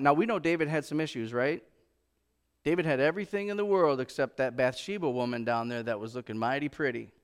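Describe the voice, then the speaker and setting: High-pitched guy preaching, chatty, asks the crowd lots of questions, slows way down on bible verses. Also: smooth. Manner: conversational preaching with rhetorical questions; slows for emphasis on scripture quotes. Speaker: pastor. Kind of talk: sermon.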